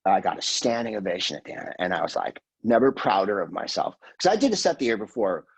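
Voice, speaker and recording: A man's voice: fairly low pitch, very animated, quick pace, creaky, breathy edge, poor audio. A man in his sixties, a guest comedian, telling rambling, profane stories in casual podcast chat and slipping into quoted voices. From California, USA.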